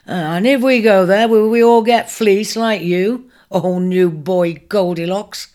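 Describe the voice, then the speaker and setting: A woman's voice: mid-range voice, slow pace, mellow, lightly acted. A woman voicing a cheeky young male ram who teases mockingly. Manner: jeering, teasing.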